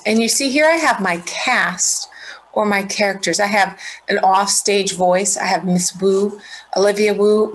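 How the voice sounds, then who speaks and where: A middle-aged woman teacher giving a recorded lesson, explaining clearly and checking in with students. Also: medium pitch, a little hiss or hum, rough recording.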